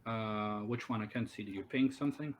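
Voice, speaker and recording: A man runs a tabletop game over a voice call and thinks out loud as he goes. He rambles through the rules, with plenty of fillers and restarts, and a faint background hum sits under his voice. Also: on the low side, fairly quick. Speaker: game master. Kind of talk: running a tabletop game online.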